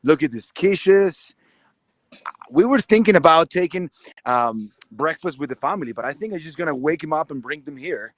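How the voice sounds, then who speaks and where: A man roving an outdoor farmers market for a live show, talking excitedly as he walks. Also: on the high side, moderate pace, no room sound. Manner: excited, talks while walking. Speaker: roving reporter. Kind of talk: live on-location chat.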